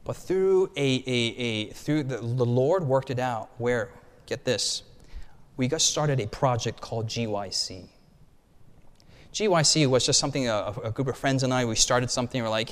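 A male pastor preaching a storytelling sermon, animated and conversational, with frequent restarts and asides. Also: medium pitch, normal speed. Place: church hall. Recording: long hall reverb.

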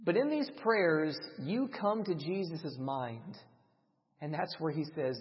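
A man's voice: on the high side, lively intonation, normal speed. Impassioned man preaching in a reverberant hall. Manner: dramatic, swings between loud emphasis and hushed delivery. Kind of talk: sermon. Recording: dull, reverberant hall sound.

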